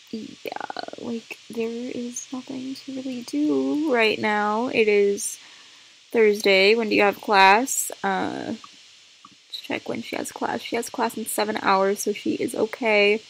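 Young woman, gaming vlogger, slow chatty commentary, braces band in mouth, light background hiss. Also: fairly high pitch, vocal fry, poor audio. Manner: chatty, rambling, many "like" and "um" fillers. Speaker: gaming channel host. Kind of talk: casual gameplay commentary.

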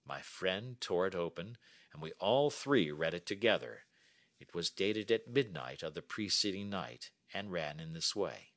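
Male narrator, low-ish and animated, clear measured story reading for learners. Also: no room sound, studio quality.

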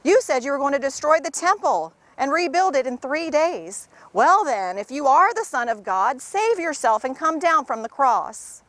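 A loud jeering mob, put on by a woman reader. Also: high voice, very animated, moderate pace, few pauses, no echo, voice pushed up. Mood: mocking. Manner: loud and taunting. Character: jeering mob of scoffing men.

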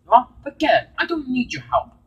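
A man's voice: high-pitched, wildly swooping pitch, moderate pace, gravelly, husky, highs cut off, voice pushed up, heavily acted. A man voicing a snappy, bossy girl engine. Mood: cross. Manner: snappy, sarcastic. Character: cross bossy female train engine. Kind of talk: amateur fan story voice acting.

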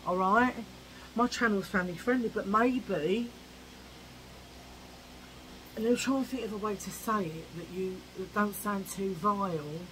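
A woman's voice: mid-range voice, measured pace, long pauses, fairly bright tone, a little hiss or hum, poor audio. A woman ranting cheekily to camera in a casual vlog, chatty and opinionated. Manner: chatty, cheeky, ranting, mimics old-fashioned voices. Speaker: vlogger.

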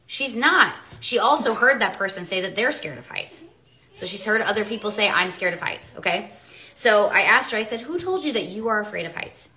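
A woman with a very bright, forward voice talks on a livestream. She is a mother who rambles and justifies herself, and she often breaks off and restarts her sentences. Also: on the high side, animated, normal speed. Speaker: mother and social media seller. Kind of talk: rambling live stream monologue.

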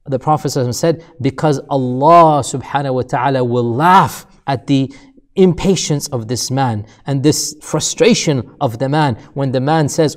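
A man's voice: medium pitch, moderate pace, a little mellow. A man giving a sermon-style lecture, telling a story with building emphatic repetition and asking listeners rhetorical questions. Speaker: Islamic lecturer.

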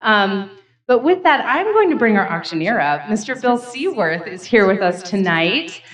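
Woman, 30s, chatty gala emcee, self-deprecating and quick to laugh. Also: mid-range voice, very animated, rough recording. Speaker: gala emcee and raptor program staff. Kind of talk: casual storytelling speech at a gala. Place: banquet hall at a live event.

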